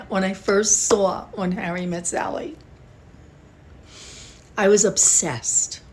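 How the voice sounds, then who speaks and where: A woman's voice: mid-range voice, slight background noise. An older woman talking casually and emotionally to her viewers, rambling with sighs and restarts. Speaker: beauty vlogger. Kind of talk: casual talk to camera.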